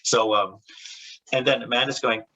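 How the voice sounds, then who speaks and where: A man's voice: mid-range voice, fairly even intonation, normal speed, bright, forceful tone, breathy edge, highs cut off. A man who works as a comic book artist, a guest in a casual interview. He tells rambling stories with many restarts and laughs, and briefly acts out the voices of the people in them.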